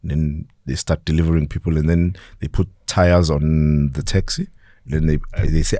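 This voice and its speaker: Deep-voiced South African man telling a story. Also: normal speed, dry recording, studio quality. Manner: animated, acts out voices in his story. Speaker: podcast guest. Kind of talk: storytelling in an interview.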